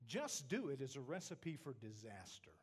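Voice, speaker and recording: A male pastor preaching a sermon, swinging between animated points and quiet asides, often checking in with "okay?". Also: medium pitch, normal speed, slightly rough. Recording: long reverb of a large hall.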